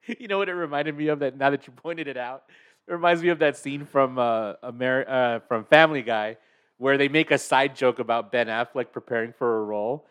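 A man's voice: mid-range voice, fairly quick, a bit bright, clear, resonant tone. A man co-hosting a casual podcast chat, playful and laughing often as he trades jokes and impressions. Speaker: podcast co-host.

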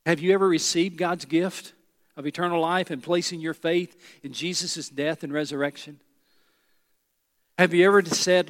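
A male pastor with a high-pitched voice delivers a sermon with dramatic pauses. His voice sinks low and quiet on key words, and it rings with a long hall reverb. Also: fairly even intonation. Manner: preaching with dramatic pauses, dropping low and soft for emphasis.

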